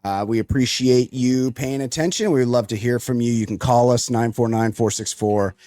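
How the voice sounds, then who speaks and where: A man's voice: mid-range voice, moderate pace, mellow, no echo, clean studio sound. A man hosting a comedy podcast with upbeat, jokey, rambling talk. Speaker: podcast host. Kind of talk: casual comedy podcast chat.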